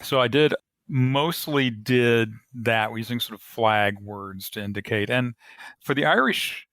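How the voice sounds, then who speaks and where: Bright dry-voiced male author. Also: mid-range voice, a little slow, no room sound. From United States. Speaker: author guest. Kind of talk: podcast interview.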